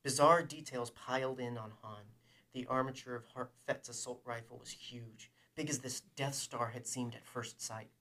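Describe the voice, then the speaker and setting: A man's voice: mid-range voice, steady tone, moderate pace, pushed and bright. Man narrating a novel aloud. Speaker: audiobook narrator.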